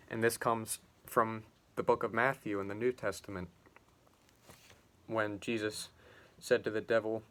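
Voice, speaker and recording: A man's voice: fairly low pitch, level tone, unhurried, long pauses, a bit bright. A man giving reflective commentary on a classic novel, musing aloud in loose phrasing with frequent restarts. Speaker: literature commentator.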